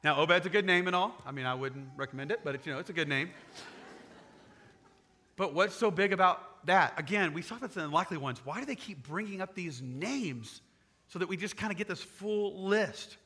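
A man preaching a sermon, retelling a scripture story in casual, animated paraphrase and acting out the characters. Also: high voice, brisk. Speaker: pastor.

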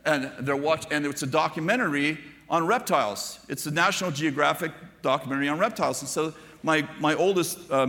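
Older preacher man, bright voice in a hall. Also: on the high side. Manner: storytelling preacher, conversational asides to the congregation. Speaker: pastor. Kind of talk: sermon.

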